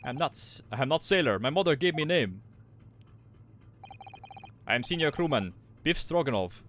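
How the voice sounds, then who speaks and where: A man voicing a gruff, boastful Russian sailor guard who speaks broken English in a mock Russian accent, barking and curt. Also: on the high side, expressive, normal speed, fairly bright tone, slight background noise.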